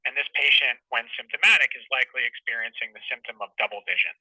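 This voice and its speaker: Man lecturing, very bright sharp tone. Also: medium pitch, animated, quick pace, husky, no room sound, recorded from a distance, poor audio. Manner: patient, explanatory teaching tone. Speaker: clinician lecturer. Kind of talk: medical webinar lecture.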